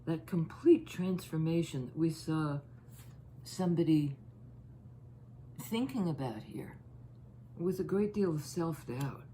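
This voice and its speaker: A woman giving a casual tarot reading, musing and halting as she thinks aloud over each card. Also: deep voice, mellow, slight background noise. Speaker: tarot reader.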